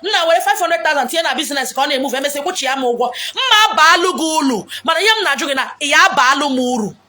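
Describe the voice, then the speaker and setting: Blunt Nigerian woman with an Igbo accent, high voice, rapid-fire delivery, faint outdoor noise behind her. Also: animated. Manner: blunt, forceful, mixing English, Pidgin and Igbo. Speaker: preacher giving relationship advice. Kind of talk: outdoor monologue. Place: beach outdoors.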